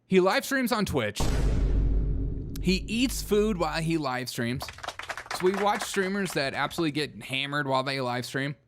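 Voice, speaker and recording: A man's voice: fairly high pitch, expressive, normal speed, fairly bright tone. Male stream host, casual reaction commentary, dry humor, laughs a lot. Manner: wry, joking, laughs often.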